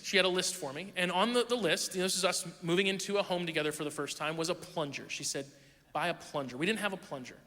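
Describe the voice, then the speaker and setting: A young male pastor preaches in a high, bright voice, his sermon built around stories about himself told with lively, self-deprecating humor. A long reverb from the church auditorium trails his words.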